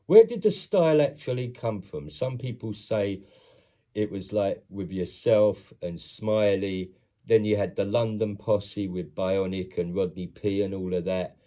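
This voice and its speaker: A male interviewer with a low, mellow voice. He talks in an engaged, affirming way, asking questions about music history. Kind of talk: casual interview.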